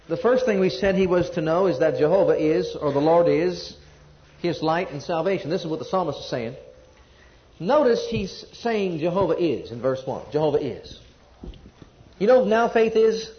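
A man preaching a sermon, reading scripture and repeating points emphatically, asking the congregation to respond. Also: sits high. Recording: dull lo-fi recording.

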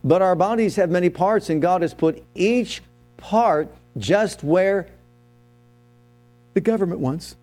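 A man's voice: high voice, a little slow, darkish tone, soft background music. A man preaching a sermon as pastor, telling his own story and asking the congregation questions.

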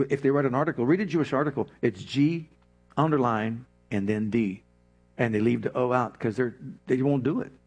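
Male pastor, husky mid-range voice, emphatic sermon delivery. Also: mid-range voice, darkish tone. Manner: emphatic preaching with dramatic pauses and acted-out prayers.

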